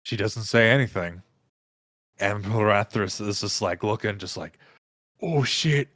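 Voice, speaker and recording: A man narrating a tabletop game as game master in casual, animated talk with many fillers. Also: fairly low pitch, a little slow, dry recording, clean studio sound.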